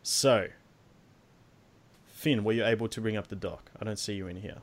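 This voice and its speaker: A young man hosting a casual gaming podcast, swearing freely and slowing down to read out his list. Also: fairly low pitch, a little hiss or hum. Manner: laid-back, swears freely, slows down to read out list items. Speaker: podcast host.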